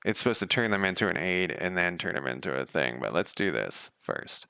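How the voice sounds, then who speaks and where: A man's voice: deep voice, animated, a little fast, gravelly, pushed and bright, clean tone, no echo. A man developing a game on a live stream, chatting casually and rambling off on tangents as he thinks aloud. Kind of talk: casual live coding chat.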